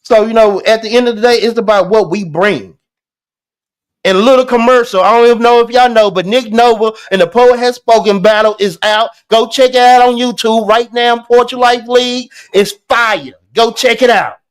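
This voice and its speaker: A man with a strikingly high voice hosts a casual poetry talk. He talks in loose slang and keeps circling back with restarts. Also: normal speed, clear, resonant tone. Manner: animated, repetitive restarts, slangy. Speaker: host. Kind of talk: casual chat.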